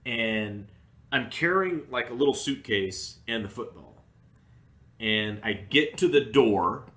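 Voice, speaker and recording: A man's voice: mid-range voice, expressive, slow pace, sharp tone. A man co-hosting a podcast, telling a story in casual chat, acting out the people he quotes and laughing often. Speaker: podcast co-host. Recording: roomy echo.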